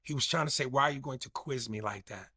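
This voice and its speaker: A man's voice: mid-range voice, fast talker, sharp tone, slightly rough, dry recording, studio quality. A man in casual debate, talking emphatically and profanely and mimicking the way others speak.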